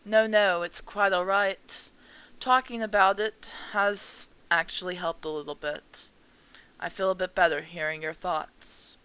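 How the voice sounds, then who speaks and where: A woman voicing a gentle, grieving elderly mother at a funeral, speaking softly and slowly with a tremble, for a game. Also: on the low side, fairly even intonation, clean tone, low-quality recording. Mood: grateful.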